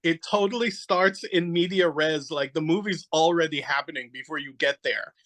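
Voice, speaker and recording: A man's voice: fairly high pitch, normal speed, fairly bright tone, poor audio. A man chatting casually on a podcast, rambling animatedly through a story, searching aloud for names and acting out little quotes. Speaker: podcast guest. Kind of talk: casual chat.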